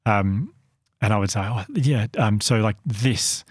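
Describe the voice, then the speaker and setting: A man's voice: on the low side, normal speed, a little mellow, no room sound, studio quality. A man co-hosting a podcast, telling a story about his work in an earnest, self-deprecating way. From Australia. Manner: earnest, self-deprecating, laughs at own slips. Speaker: podcast co-host and company founder. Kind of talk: casual storytelling chat.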